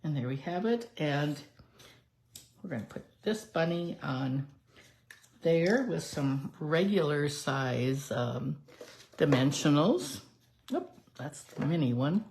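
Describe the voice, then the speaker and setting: A woman leads a live card-making demonstration, chatting through each step as she works. Her voice sits low and mellow. The sound carries the echo of a roomy space. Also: lively intonation, takes it slowly, pauses often, slight background noise. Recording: echoey room.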